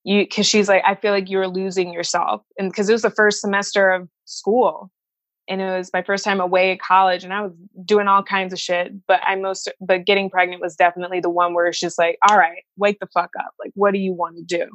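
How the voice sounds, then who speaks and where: A woman's voice: medium pitch, little pitch movement, brisk, a bit bright, dry recording. Frank woman telling a personal story. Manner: frank and emotional, swears freely, acts out quoted voices. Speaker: interview guest.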